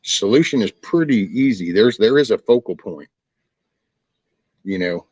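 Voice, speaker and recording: A man's voice: fairly low pitch, lively intonation, a little slow, a little mellow, dry recording. A middle-aged man hosting a casual livestream, talking in a folksy, profane, ranting way. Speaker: livestream host. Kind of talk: casual rambling livestream chat.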